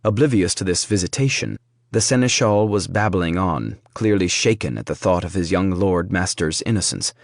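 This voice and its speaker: A man narrating a fantasy audiobook in a measured storytelling manner. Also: low-pitched, animated, creaky, no room sound, studio quality.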